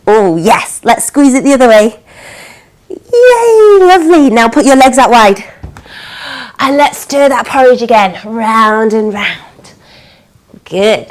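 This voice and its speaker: Woman, kids' yoga teacher, high voice, unhurried, cheerful and encouraging, video call. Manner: upbeat, encouraging, sing-song animal sounds. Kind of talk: live online yoga class for children.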